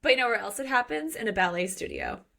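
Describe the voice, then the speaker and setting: A woman's voice: fairly high pitch, very animated, fast talker, vocal fry, sharp tone. A young woman co-hosting a book podcast, chatting casually and reading passages aloud, giggly and full of "like". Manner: giggly, gushing, lots of "like". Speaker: podcast co-host.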